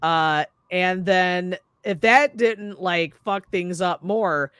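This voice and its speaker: A woman's voice: on the low side, slow, smooth, no echo, clean studio sound. Profane woman recapping a horror movie. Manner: profane, animated retelling with quoted voices. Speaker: horror movie review host. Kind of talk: casual movie recap chat.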